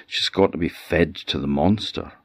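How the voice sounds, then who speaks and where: A storyteller with a Scottish Orkney accent voicing a surly, unfriendly coach driver who speaks curtly and dismissively. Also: male voice, very deep voice, normal speed, breathy edge, no echo, clean studio sound, exaggerated voice. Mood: grim. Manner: curt, dismissive.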